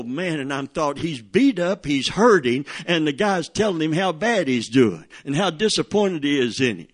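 A man's voice: a little high, big pitch swings, moderate pace, hardly any pauses. A middle-aged male pastor preaching a sermon, telling stories and calling for amens from the congregation. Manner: preaching with call-and-response, storytelling, laughing asides.

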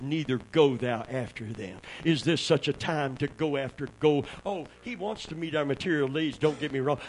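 A male pastor, preaching a sermon in a call-and-response style that swings from quiet, low talk to shouted exclamations. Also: slight background noise, rough recording.

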